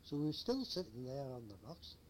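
A man's voice: medium pitch, very animated, fairly quick, a little mellow, a little hiss or hum. An older man, a former lighthouse keeper telling a rambling old story with chuckles. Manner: rambling, chuckling anecdotal teller. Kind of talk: oral history storytelling.

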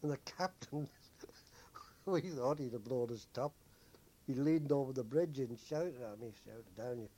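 A man's voice: medium pitch, mellow, breathy edge. Older man telling sea stories. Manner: unhurried anecdotal storytelling. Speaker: former merchant seaman. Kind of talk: oral history recollection.

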